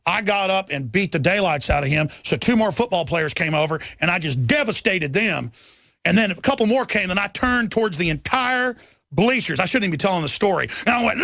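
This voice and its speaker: A man hosting a radio show, telling a rambling story on air, excitable and prone to shouting. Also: high voice, brisk, no room sound. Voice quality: gravelly. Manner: excitable, bursts into shouts, then sheepish.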